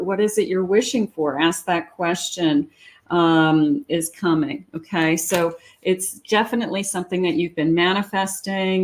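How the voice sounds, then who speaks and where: A woman reading tarot cards aloud in a chatty, reassuring way, thinking out loud as she goes. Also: on the low side. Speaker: psychic tarot reader.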